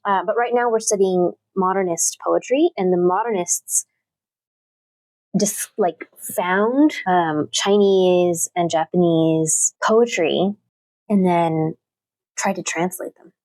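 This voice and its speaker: A woman's voice: lowish voice, slow pace, a little mellow, no room sound. A woman who teaches literature, chatting thoughtfully in an interview with plenty of fillers and restarts. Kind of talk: casual interview talk.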